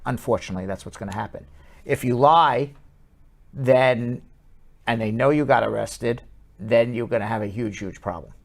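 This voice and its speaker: Man, New York accent, call-in show host, brisk, reassuring, interrupts callers. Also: mid-range voice, creaky. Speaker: immigration lawyer and show host.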